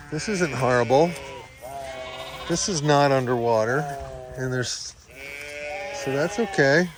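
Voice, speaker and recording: A man's voice: medium pitch, noisy background. A man touring his wet farm meadow, chatting casually and playfully talking to his animals. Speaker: pastor and sheep farmer. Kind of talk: casual farm-tour vlog. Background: sheep bleating.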